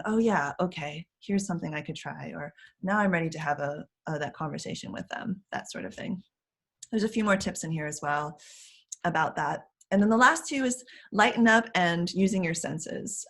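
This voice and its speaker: A woman's voice: low voice, a bit bright. A woman parenting coach talking casually on a video call, with frequent fillers and light laughs. She acts out children's voices in a sing-song way. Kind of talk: casual explanatory talk as interview guest.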